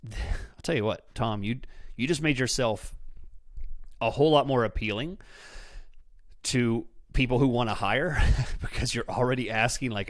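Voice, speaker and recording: Male podcast host, casual and upbeat, mid-pitched voice, dry close recording. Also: moderate pace, no room sound. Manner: chatty, enthusiastic, self-deprecating. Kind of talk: casual podcast talk with ad read. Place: his office.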